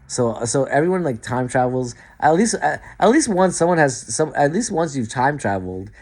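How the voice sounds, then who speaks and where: Guy rambling to his camera, swears a lot, keeps restarting sentences, goes from mumbling to suddenly loud. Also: medium pitch, sing-song, normal speed. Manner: profane, stream-of-consciousness, many restarts and stumbles; swings between quiet asides and emphatic outbursts.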